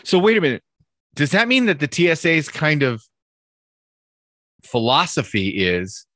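A man ribs his co-hosts, and his pitch swings up and down as he talks. He swears casually and jokes along, heard dry and close to the mic. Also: very animated, a little slow, pauses often, pushed and bright, no echo. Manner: teasing, jokey, swears. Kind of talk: casual banter.

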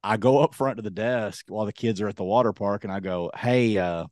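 A man's voice: on the low side, brisk, a little mellow, no echo, studio quality. A man from Kentucky, co-hosting a casual chat and telling a long, rambling story full of restarts and acted-out quotes. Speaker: podcast co-host.

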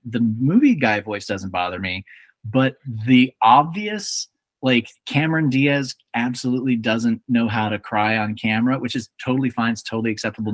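A young adult man hosts a podcast, chatting casually and joking as he acts out little quotes. His mid-range voice is a bit bright, and the recording is dry.

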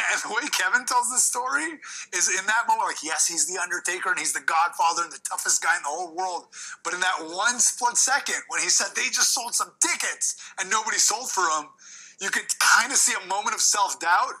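A man with a husky voice telling a backstage story in an interview clip, animated and slowing down for quotes. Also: high-pitched, rough recording.

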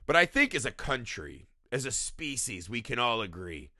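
A man's voice: mid-range voice, normal speed, no room sound, studio quality. A man co-hosting a podcast, talking about films in casual, profane chat and often tagging "right?" onto his sentences. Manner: profane, animated, keeps saying "right?". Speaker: podcast co-host.

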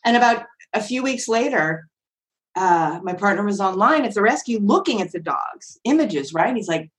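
A woman podcast guest telling a story in a chatty, animated way, often acting out voices with big swings in pitch. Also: moderate pace, low-quality recording. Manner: chatty, frequent fillers like "like" and "right?". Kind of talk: casual storytelling.

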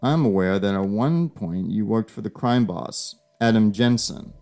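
A polished, smug government agent , voiced by a man in an audio story, calm and measured as he makes his offer. His tone is gravelly and a touch low. Faint guitar music sits underneath.

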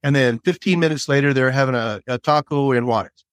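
A middle-aged man tells stories in a relaxed, easygoing way, full of fillers and quick laughs. His voice sits in a middle range and sounds dry and close, with no room around it. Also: medium pitch, dry recording. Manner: laid-back, laughs often, many fillers. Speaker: guest, former border patrol agent. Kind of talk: casual storytelling.

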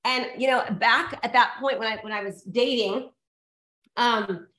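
A woman's voice: fairly high pitch, measured pace, background noise. A woman giving a motivational talk to a live audience, emphatic and repetitive as she coaxes the crowd. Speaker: motivational speaker. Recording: echoey room.

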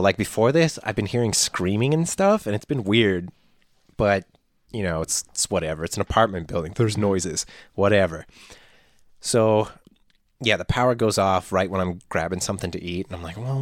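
A man on a casual podcast, telling a story with animated, loud quoted outbursts and plenty of swearing. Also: deep voice, normal speed, no room sound, clean studio sound. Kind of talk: casual chat, acting out a story.

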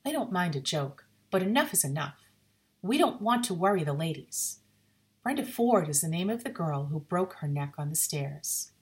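A woman reads as a stern middle-aged man who owns the house and scolds firmly. His lines keep her lively rises and falls. It is the measured reproach of a host in a told ghost story. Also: lowish voice. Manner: reproachful, firm.

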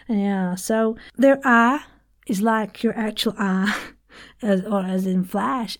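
Lady voice coach rambling through a podcast lesson, jokey and loose, mid pitch. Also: takes it slowly. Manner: chatty and playful, self-deprecating with frequent laughs. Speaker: voice and accent coach, podcast host. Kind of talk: casual podcast accent lesson.

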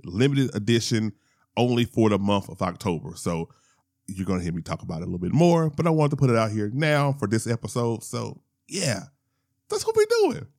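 A man's voice: lowish voice, expressive, a little fast, darkish tone. A man hosting a podcast in a casual, playful, slangy chat, joking with his guest. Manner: playful, joking, slangy, puts on mock voices. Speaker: podcast host.

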